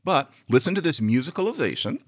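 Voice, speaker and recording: Lively man explaining. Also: mid-range voice, fast. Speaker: podcast host. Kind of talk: lecture-style commentary.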